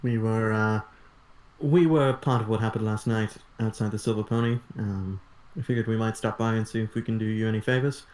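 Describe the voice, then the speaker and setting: A man's voice: on the low side, steady tone, a little fast, darkish tone, rough recording. A man playing a tabletop game, speaking partly in character and describing his moves. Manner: talks through character actions. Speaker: player.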